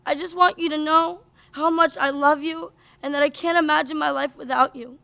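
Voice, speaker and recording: A woman's voice: high voice, fairly even intonation, normal speed, vocal fry, bright, forceful tone. A young woman giving a heartfelt commencement thank-you speech as a graduating student, working through a list of names. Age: young adult. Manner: heartfelt, lists names one after another. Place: college commencement stage.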